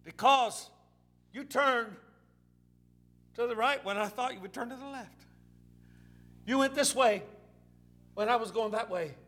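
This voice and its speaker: Preacher doing a high, strained, bright-voiced fisherman disciple, raw and pleading. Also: a little fast, husky. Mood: reproachful. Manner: pleading, raw complaint to God. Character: frustrated weary male fisherman disciple.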